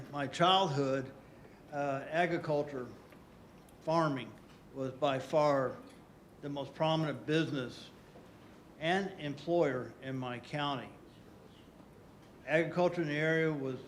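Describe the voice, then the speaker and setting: Older male conference speaker from Southwest Florida, folksy storyteller, fairly high voice, faint hum behind. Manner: folksy, storytelling, repeats for emphasis. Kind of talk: conference talk.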